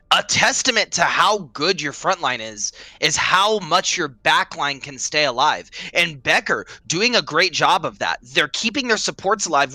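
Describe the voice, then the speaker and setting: Young guy yelling play-by-play for esports, super bright sharp voice. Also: on the high side, no room sound. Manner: rapid play-by-play, shouts at big plays. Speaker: esports caster. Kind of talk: excited esports commentary.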